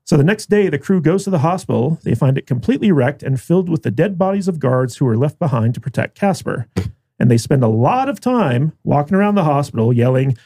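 A man's voice: fairly high pitch, big pitch swings, fairly quick, mellow, slightly rough. A man hosting a podcast, reading a sarcastic episode recap in a dry manner. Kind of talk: scripted recap with sarcastic asides.

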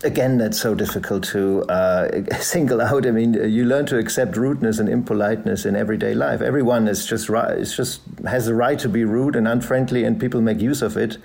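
Gravelly German man, hesitant. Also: fairly low pitch, brisk, hardly any pauses, darkish tone. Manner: hesitant, many fillers and restarts. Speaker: guest, journalist and author. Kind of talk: conversational interview answers. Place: podcast recording.

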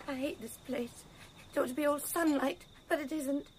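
An actress playing a frightened, fragile young wife in a radio drama, breathless and panicky. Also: female voice, sits high, normal speed, a little mellow, slight background noise, close to an everyday voice, poor audio. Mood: distraught. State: trembling with fear.

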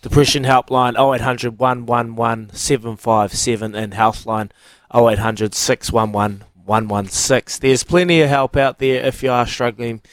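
A man hosting a podcast, speaking in a steady, sincere way and reading out information plainly. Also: medium pitch, moderate pace, no room sound. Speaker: podcast host. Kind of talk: casual podcast conversation.

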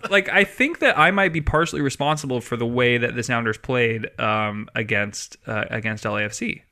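Bright-voiced rambling podcast man. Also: medium pitch, normal speed. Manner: rambling, self-interrupting, laughs often. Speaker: podcast co-host. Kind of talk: casual chat.

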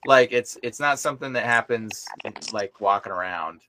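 Animated filler-heavy man telling stories. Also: medium pitch, normal speed. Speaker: deliverance minister. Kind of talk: casual podcast chat. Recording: noisy live recording with clicks.

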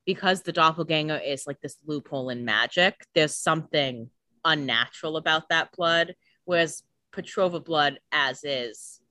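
A woman's voice: low-pitched, moderate pace, sharp tone, no room sound. A woman co-hosting a podcast, recapping a TV episode in casual, chatty talk full of "like" and the odd swear. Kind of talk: casual chat.

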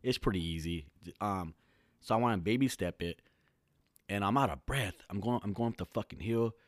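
A man's voice: fairly low pitch, moderate pace, dry recording, clean studio sound. A man in his thirties from California, talking alone in a casual, rambling, profane podcast monologue full of slang.

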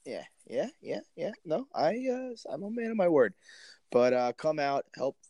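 A man's voice: fairly high pitch, very animated, measured pace, a little mellow, no echo. Laid-back man telling jokey stories. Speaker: podcast co-host. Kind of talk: casual chat.

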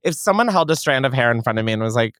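A man's voice: mid-range voice, animated, rapid-fire, fairly bright tone, clean tone, dry recording, clean studio sound. A man hosting a podcast, answering callers' voice messages in a brash, profane, dramatic way. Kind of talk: casual advice chat.

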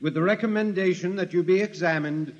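A man's voice: high-pitched, fairly quick, close to an everyday voice. An actor playing a stern male judge delivering formal pronouncements in a 1950s radio drama. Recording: dull, reverberant old radio recording.

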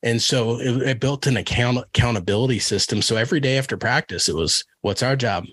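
A man's voice: mid-range voice, fast talker, fairly bright tone, slightly rough, dry recording. A man from Kansas, a wrestling coach, talking earnestly in a casual interview, with many fillers and restarts. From Kansas, USA. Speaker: wrestling coach and podcast guest.

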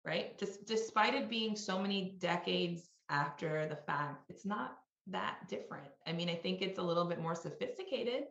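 Low-voiced middle-aged woman in a roomy space. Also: lively intonation, moderate pace, gravelly, few pauses, a bit bright. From New York. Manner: reflective, peppered with "you know" and "right?". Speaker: executive guest. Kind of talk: conversational interview. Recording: roomy, slightly dull sound.

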